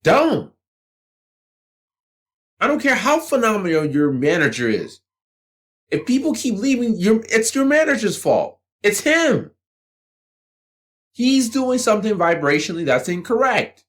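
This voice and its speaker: Male channel host, profane motivational monologue, confrontational, animated pitch. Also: unhurried, long pauses. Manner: blunt, combative, swears freely. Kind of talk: profane motivational rant to camera.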